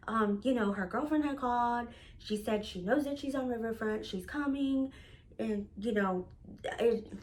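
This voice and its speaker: Chatty woman telling a story. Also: fairly high pitch. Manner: rambling, chatty, with many fillers and acted-out quotes. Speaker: storyteller host. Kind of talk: casual storytime.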